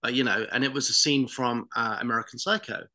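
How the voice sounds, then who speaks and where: A man hosts an online actors' session and keeps a relaxed, casual flow with plenty of fillers. His voice is bright and forward, and it sounds like he's on a video call. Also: medium pitch, fast talker. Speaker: workshop host. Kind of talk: casual hosting chat.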